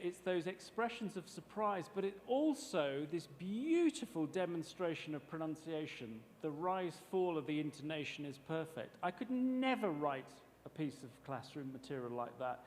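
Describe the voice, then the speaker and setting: A man's voice: high-pitched, slight background noise. A man as a teacher trainer, giving a chatty, explanatory workshop presentation in a lecture hall. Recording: long hall reverb.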